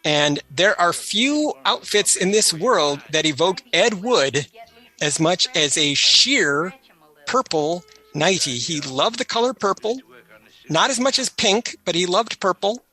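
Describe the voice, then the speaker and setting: This film commentary host talks his way through a vintage movie, sharing trivia and anecdotes with easygoing charm. His voice, a touch high, comes across bright and forward, animated yet delivered at a slow pace.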